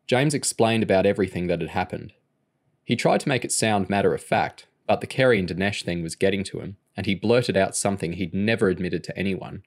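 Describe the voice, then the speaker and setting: A man narrates a novel aloud at an even, steady pace. His voice sits on the low side and stays plain and unhurried. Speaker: audiobook reader.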